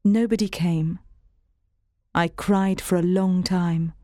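A woman's voice: fairly low pitch, steady tone, takes it slowly, dark tone, no echo, clean studio sound. Woman reading a storybook aloud. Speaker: narrator. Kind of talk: scripted storybook narration.

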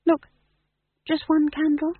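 A narrator voicing a young, nervous, earnest female witch in an audiobook, raising the voice high and pleading, over a tinny, phone-like line. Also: very animated, moderate pace, breathy edge, no echo. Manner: pleading, defensive, higher voice.

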